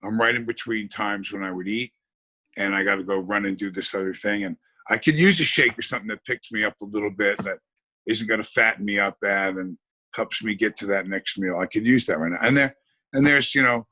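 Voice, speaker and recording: A man's voice: fairly low pitch, sharp tone, rough recording. A man chatting casually on a podcast in an easygoing, joking way. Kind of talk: casual chat.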